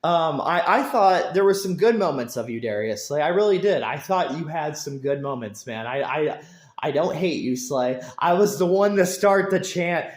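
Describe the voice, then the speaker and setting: Man, fairly high voice, emphatic football rant, repetitive, stumbling restarts, echoey room. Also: lively intonation, moderate pace. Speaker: football fan vlogger. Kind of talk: rambling sports rant to camera.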